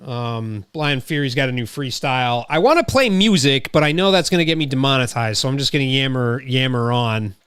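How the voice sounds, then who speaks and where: A Connecticut man hosting his own live stream, wandering from thought to thought as he reacts to clips. His voice is smooth and resonant, close on a mic with a dead-dry sound. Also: mid-range voice, brisk, few pauses, fairly bright tone, no room sound. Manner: rambling, thinking aloud. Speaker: streamer host. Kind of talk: casual live-stream commentary. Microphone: close studio mic through mixer.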